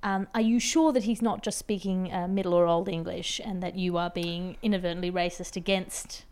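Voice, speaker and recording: A woman's voice: fairly low pitch, fairly even intonation, moderate pace, a little mellow, clear, resonant tone. A woman hosting a comedy podcast, with dry, wry banter and mock-formal sign-offs.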